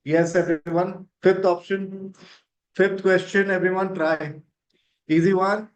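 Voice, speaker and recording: A man's voice: high-pitched, little pitch movement, slow pace, low-quality recording. A man teaching an online grammar class, encouraging students and checking with "right?".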